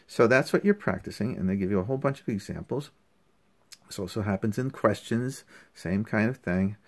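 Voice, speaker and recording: A man talking through a language lesson in a casual recap, halting often with fillers and restarts and sounding out words slowly. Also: lowish voice. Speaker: language learner reviewing lessons.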